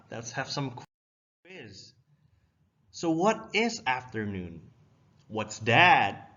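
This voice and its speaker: Young guy w/ teaching words step by step, bright punchy voice, kinda dull lo-fi audio. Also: fairly high pitch. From Indonesia. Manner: explains step by step, reading words aloud. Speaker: language teacher. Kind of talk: casual lesson. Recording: dull, lo-fi sound.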